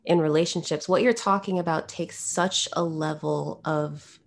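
A woman hosting a casual conversation, calm and reflective, using psychological terms. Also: deep voice, moderate pace, vocal fry. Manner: calm, reflective, gives short backchannels.

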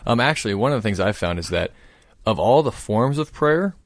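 A man calmly explaining a prayer practice in casual conversation. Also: fairly low pitch, brisk, no room sound, clean studio sound. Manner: thoughtful, explanatory, steady.

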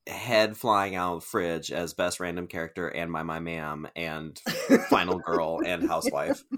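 A woman's voice: extremely low pitch, fairly even intonation, normal speed, fairly bright tone. A woman co-hosting a casual film podcast, enthusiastic and jokey, often breaking into laughter. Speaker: podcast co-host. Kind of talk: casual film-review chat.

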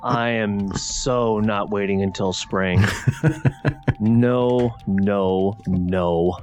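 A man's voice: fairly low pitch, drawn-out words, dull audio, music in the background. A man co-hosting a podcast in casual chat, joking and exasperated. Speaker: podcast co-host.

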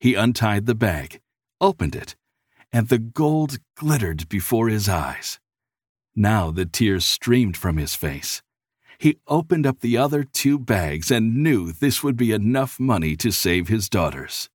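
A man narrating a storybook tale in an expressive, measured reading style. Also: on the low side, no room sound, studio quality.

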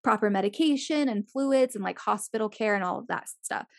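A woman's voice: mid-range voice, fairly quick, vocal fry, dry recording, studio quality. A woman chatting casually as a podcast co-host, full of "like" fillers and blunt swearing. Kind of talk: casual chat.

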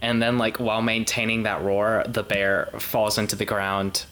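A man's voice: on the low side, level tone, moderate pace, sharp tone. A man playing a druid in a tabletop game, talking in a casual, laid-back way. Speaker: player.

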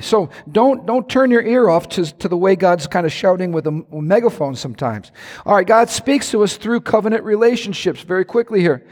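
A man preaching a sermon as a pastor, animated, with sudden shouts and playful impressions. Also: high-pitched. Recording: long church hall reverb.

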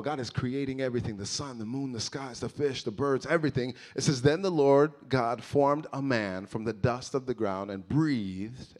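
A man as a pastor giving a lively, conversational sermon with joking asides. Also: mid-range voice.

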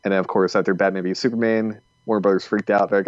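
A man with a lowish voice co-hosting a casual podcast, rambling and sarcastic. The sound is dull and lo-fi. It is also dry, with no sense of a room around him. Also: level tone, racing, no room sound. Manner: rambling and sarcastic, many fillers. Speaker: podcast co-host.

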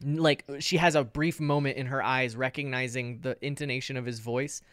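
A man's voice: mid-range voice, fairly even intonation, fairly quick, fairly bright tone, no room sound, studio quality. A man co-hosting a casual podcast, telling stories emphatically and swearing freely. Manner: profane, emphatic storytelling. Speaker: podcast co-host. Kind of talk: casual fan chat.

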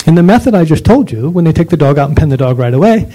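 A man's voice: a little high, expressive, fast talker, few pauses, dark tone, rough recording. A man lecturing on dog training in an emphatic, ranting way, full of rhetorical questions.

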